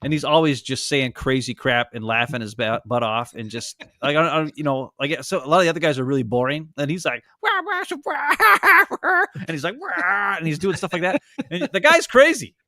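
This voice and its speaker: A man co-hosting a casual sports chat, rambling and animated, breaking into goofy voices now and then. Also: mid-range voice, fast talker, few pauses, dry recording, clean studio sound. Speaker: podcast co-host. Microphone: home streaming setup.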